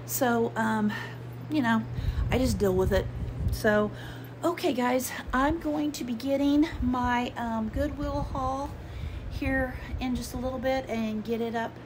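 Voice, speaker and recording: Rambling woman filming a casual home vlog on a handheld camera, with a clear hiss of noise behind her; she slips into whispers now and then. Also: a little high, a little slow. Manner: chatty, rambling, many "um"s; drops to a whisper at times. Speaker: vlogger. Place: at home, inside and in the yard.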